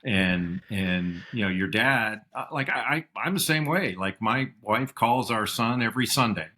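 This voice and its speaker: A middle-aged man telling stories as a podcast guest, reflective, and lively when he quotes his father. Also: lowish voice, measured pace. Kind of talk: casual interview storytelling.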